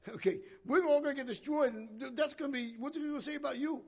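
A man's voice: very high-pitched, a little fast. A man giving conversational Bible teaching, questioning his listeners and paraphrasing scripture. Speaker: preacher.

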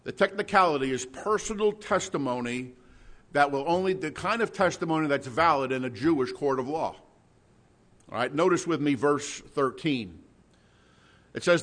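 A man preaching an expository sermon in an earnest, conversational way, sometimes clearing his throat. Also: on the high side, expressive, normal speed, fairly bright tone.

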